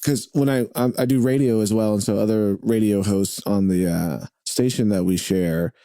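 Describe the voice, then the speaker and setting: A man's voice: fairly low pitch, steady tone, moderate pace, warm tone, no echo, clean studio sound. A man in casual interview chat, talking in a rambling way with many fillers and restarts, recorded at the host's home. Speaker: podcast guest, drummer and radio host.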